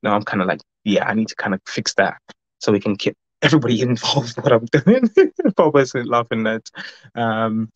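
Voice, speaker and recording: A man hosting a casual livestream, reading out chat and greeting viewers by name, talking in a rambling, fast way. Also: medium pitch, sing-song, dry recording. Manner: rambling, warm greetings, frequent laughs; fast-talking, says his mouth runs fast. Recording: dull lo-fi dry recording.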